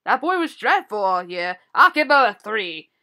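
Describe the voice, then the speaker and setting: A jolly mall Santa in a put-on British accent, as a woman puts him on, pitched a bit lower than her own voice. The tone stays bright and sharp, with a lively, bouncing delivery. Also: moderate pace.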